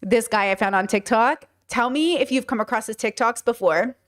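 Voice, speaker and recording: A woman hosting a podcast livestream, chatting casually in a rambling, animated way with lots of fillers. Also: on the high side, normal speed. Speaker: podcast host.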